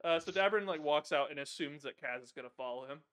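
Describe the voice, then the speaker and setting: A man's voice: fairly high pitch, fast, fairly bright tone, clear, resonant tone. A man playing in a tabletop role-playing game, casually narrating what his character does and swearing freely. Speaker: player.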